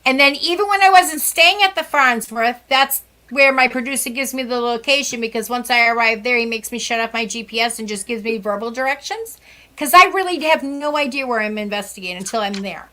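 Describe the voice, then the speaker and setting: Bright high-voiced woman telling stories. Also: a little fast. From Central West Massachusetts. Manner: animated, acts out quoted dialogue with sighs and laughs. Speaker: psychic medium guest. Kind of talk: casual storytelling chat. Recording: podcast interview.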